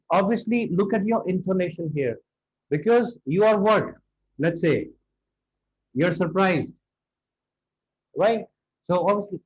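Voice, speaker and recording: A man's voice: high voice, expressive, measured pace, pauses often, a little mellow, muffled recording. A man with an Indian English accent teaching spoken English, acting out lines of dialogue to show intonation.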